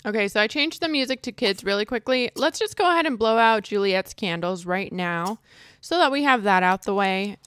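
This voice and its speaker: A young woman giving casual let's-play commentary, chatty and excitable, squealing at cute moments. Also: medium pitch, normal speed, smooth, dry recording. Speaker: gaming video creator.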